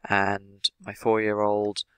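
A man with an English accent, an English teacher explaining the language of an interview in a measured way, with many "sort of" fillers. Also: on the low side, completely flat delivery, clean tone, no room sound. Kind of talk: explanatory lesson analysing an interview.

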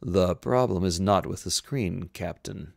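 A man voicing a calm, logical male science officer who speaks in measured, precise sentences. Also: low voice, gravelly, no room sound, studio quality, heavily acted. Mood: detached.

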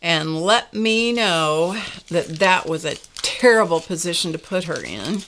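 A woman's voice: fairly low pitch, lively intonation, a little slow, a bit bright. An older woman hosting a casual art lesson, chatty and confessional, laughing often as she talks to her viewers. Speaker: art class host.

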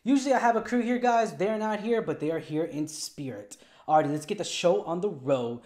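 A man's voice: high voice, animated, fairly quick, few pauses, a little mellow. A young man hosting a casual solo movie review, talking in an upbeat, chatty way with lots of asides and little jokes.

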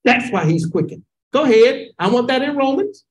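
Woman, Chicago accent, Bible class teacher, lively pitch, video-call audio, asks the class questions, rises to shouting. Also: low-quality recording. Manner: call-and-response questioning, drawn-out emphasis, rising to shouts.

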